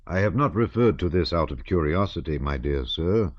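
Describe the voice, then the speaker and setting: A man voicing a severe old male Freemason who speaks in a deliberate, measured way. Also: deep voice, expressive, dry recording, muffled recording. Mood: grave, solemn.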